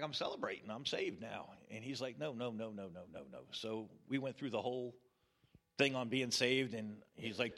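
A man's voice: mid-range voice, a bit bright. A middle-aged man giving a plainspoken personal testimony with self-deprecating humor. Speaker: testimony speaker.

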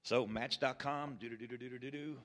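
A man's voice: mid-range voice, fairly quick, fairly bright tone. A middle-aged man giving a plainspoken personal testimony with self-deprecating humor. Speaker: testimony speaker.

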